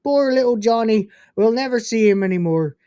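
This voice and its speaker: A folksy old-country Cornish farmer with a sing-song rural drawl, as a streamer puts him on. The voice sits close and dry, with no room around it. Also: male voice, sits high, animated, normal speed, dark tone, clear, resonant tone, no room sound. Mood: jolly. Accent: put-on Cornish. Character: rustic Cornish farmer man, sheep breeder.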